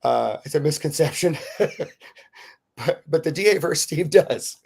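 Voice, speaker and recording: A middle-aged man, a podcast co-host, telling a rambling, animated story in casual chat with lots of fillers. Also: on the high side, normal speed, creaky, breathy edge.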